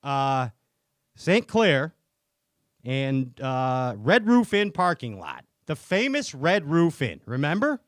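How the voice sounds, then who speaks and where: Male podcast host, lively delivery with a higher voice, dry close sound. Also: slow, no echo. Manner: animated storyteller, laughs often. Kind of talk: casual interview chat.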